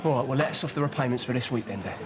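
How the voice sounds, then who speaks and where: An actor playing an eager, hapless young man who talks in a hurried, sheepish way. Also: medium pitch, crowd noise, natural voice. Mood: hopeful.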